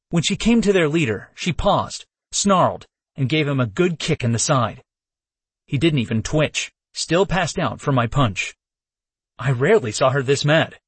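A man narrating a first-person novel as an audiobook, telling the story in an expressive way. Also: medium pitch, breathy edge, dry recording.

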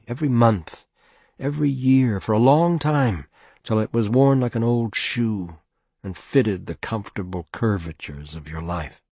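Low-voiced man reading a novel. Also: breathy edge, dry recording. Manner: steady, measured storytelling. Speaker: narrator.

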